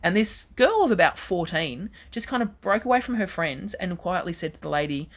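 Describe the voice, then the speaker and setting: Woman, forties, comedian guest, lowish voice, animated casual storytelling, radio studio. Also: fairly quick, hardly any pauses. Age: 40s. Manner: animated, chatty anecdote telling.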